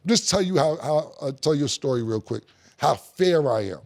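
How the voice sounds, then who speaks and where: A middle-aged man with a gravelly, fry-edged voice sits in a podcast studio and tells stories in loose, casual talk. He pitches a bit higher than most men and acts out other people's lines as he goes. His talk is full of slang and profanity. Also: moderate pace. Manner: animated, acts out quoted dialogue, heavy slang and profanity. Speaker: guest rapper in a studio conversation. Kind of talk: casual storytelling.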